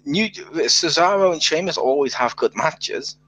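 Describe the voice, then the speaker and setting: A man co-hosts a casual wrestling podcast and gives blunt, opinionated takes with a joke now and then. His pitch moves up and down a lot as he talks. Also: expressive, a little slow, a bit bright, poor audio. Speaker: podcast co-host.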